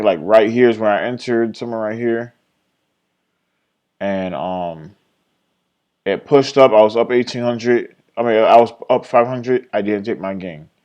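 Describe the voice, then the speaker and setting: A young man recapping his day trades in a casual screen-share vlog, rambling, swearing and blaming himself, and voicing his own past thoughts in an excited, higher voice. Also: muffled recording. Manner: rambling, self-critical, swears freely, trails off and restarts.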